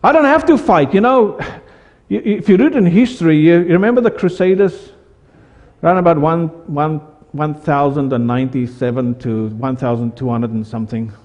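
High-voiced preacher in a reverberant church. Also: male voice, moderate pace, a little mellow, lo-fi sound. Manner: preaching with questions to the congregation. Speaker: pastor. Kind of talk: sermon.

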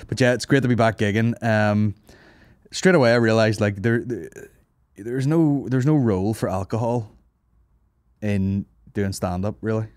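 A man's voice: on the low side, moderate pace, darkish tone, dry recording, clean studio sound. A young man hosting a comedy podcast, telling stories with lots of swearing and laughing asides. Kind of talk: casual banter.

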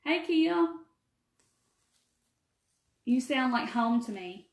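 A woman's voice: high-pitched, animated, drawn-out words. A woman with a Mississippi Southern accent, hosting a live craft demo, talking folksy and chatty and answering viewers by name. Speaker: craft live-stream host. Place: empty room. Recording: echoey room.

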